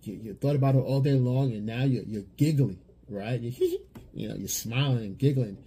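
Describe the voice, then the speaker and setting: A man's voice: mid-range voice, moderate pace, dark tone, a little hiss or hum. A man giving blunt dating advice in a lecturing monologue, often repeating himself. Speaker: dating coach.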